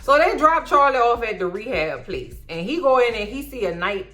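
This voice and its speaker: A woman vlogger casually recapping a documentary with sassy, slangy, profane commentary and animated asides. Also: on the high side, moderate pace.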